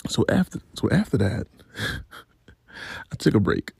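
A man's voice: fairly low pitch, big pitch swings, a little slow, gravelly, darkish tone, breathy edge, no echo, studio quality. A man vlogger telling a story about his week in a casual, profane, rambling way.

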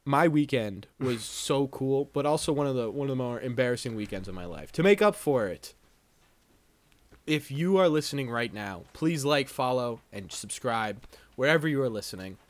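A young man co-hosting a podcast, talking in an animated, self-deprecating, swearing way. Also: medium pitch, normal speed, no room sound. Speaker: podcast co-host. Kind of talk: casual podcast banter.

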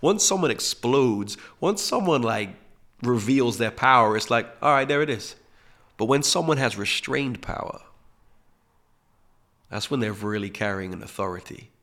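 A man hosting a podcast, giving a reflective spiritual teaching talk that drops to hushed emphasis. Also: mid-range voice, animated, normal speed. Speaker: podcast host.

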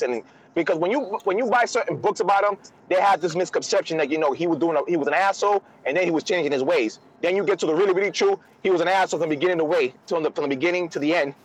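Fast-talking high-voiced man, blunt and profane. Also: rough recording. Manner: profane, emphatic storyteller. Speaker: podcast co-host. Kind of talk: casual heated chat.

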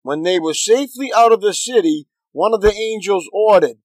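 Man reading scripture, slightly high voice. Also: moderate pace, few pauses, dry recording, low-quality recording. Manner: steady, earnest reading aloud. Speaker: pastor.

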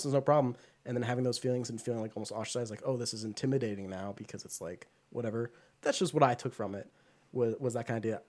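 A man co-hosting a podcast, retelling a film in a loose, rambling way full of fillers and quick put-on voices. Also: medium pitch, a little mellow. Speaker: podcast co-host. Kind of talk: casual movie chat.

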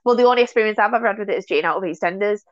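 Talking very fast at a medium pitch, a woman appears as a guest in a casual conversation, a chatty, animated storyteller who laughs often and keeps restarting her phrases. The sound is dry, dull and lo-fi.

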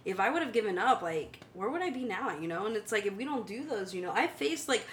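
A woman hosting a podcast, telling stories in a lively, casual conversational way. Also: medium pitch, fast, a little hiss or hum. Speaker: podcast host.

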